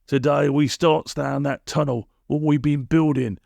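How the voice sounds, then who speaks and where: A man's voice: fairly high pitch, steady tone, unhurried, gravelly, a little mellow, dry recording, lo-fi sound, voice pushed up, exaggerated voice. A man voicing a boastful, nasty old villain who talks in coarse broken grammar. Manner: coarse ungrammatical bluster.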